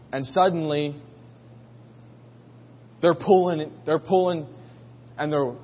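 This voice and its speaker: A male pastor preaches in a casual, folksy style and slips into character voices as he tells the story. His voice sits a little high and has a husky edge. The recording is muffled and carries a long echo from a large hall. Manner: storytelling, acting out disciples' voices. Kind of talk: sermon. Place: church.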